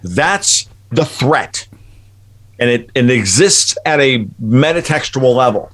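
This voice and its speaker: A man's voice: mid-range voice, lively intonation, slow, a bit bright. Rambling, emphatic male commentator. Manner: rambling, emphatic, restarts often. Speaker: guest commentator. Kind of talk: casual political commentary.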